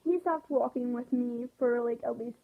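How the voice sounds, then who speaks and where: A woman's voice: on the high side, normal speed, vocal fry. A woman telling a rambling storytime, swearing often and leaning on "I'm like" as she goes. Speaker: vlogger. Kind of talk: storytime chat. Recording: tinny phone-like sound.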